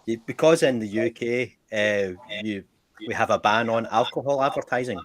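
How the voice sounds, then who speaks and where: A man's voice: medium pitch, moderate pace, a little hiss or hum. A man with a Scottish accent, a guest chatting casually and bluntly, laughing easily. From Scotland. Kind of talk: casual chat.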